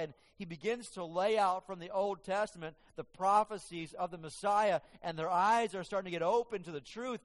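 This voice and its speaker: Earnest male preacher in echoing hall. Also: high-pitched. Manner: earnest, halting with repeated restarts. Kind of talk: sermon. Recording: long hall reverb.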